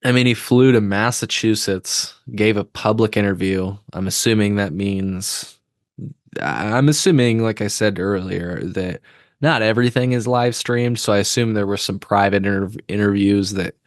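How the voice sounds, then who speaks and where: A man's voice: on the low side, moderate pace, no room sound, studio quality. Laid-back man hosting a podcast. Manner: rambling, self-deprecating, swears casually. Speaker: podcast host. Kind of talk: casual commentary.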